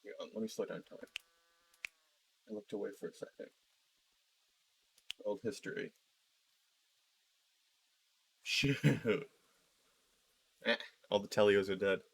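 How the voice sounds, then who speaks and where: Guy with a lowish voice ranting into his mic while gaming, rambly, says um and like a lot, swears. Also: fairly even intonation, a little slow, vocal fry, long pauses, breathy edge. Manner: rambling with fillers and profanity. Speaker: video creator. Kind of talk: casual rant while gaming.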